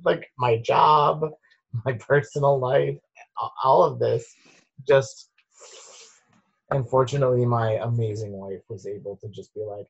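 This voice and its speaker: A man's voice: mid-range voice, unhurried, creaky, long pauses, husky. A man chatting casually with wry, joking asides. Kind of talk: casual chat. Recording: dull lo-fi sound.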